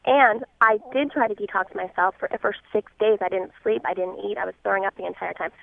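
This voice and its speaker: A woman calling in to a radio show, anxious and worried, speaking in a rushed way. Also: mid-range voice, creaky, dry recording. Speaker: caller. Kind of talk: call-in radio conversation. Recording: tinny phone line.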